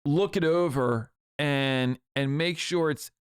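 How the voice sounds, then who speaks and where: Man, podcast co-host, smooth resonant voice, dry studio sound, casual talk. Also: on the high side, slow, no room sound. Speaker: podcast co-host, insurance business owner. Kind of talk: casual business chat.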